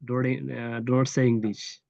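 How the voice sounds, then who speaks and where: A man's voice: medium pitch, level tone, gravelly, darkish tone, dry recording, highs cut off. Hesitant man from Bangladesh. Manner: hesitant, halting English with fillers. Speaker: freelancer learning English. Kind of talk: casual conversation.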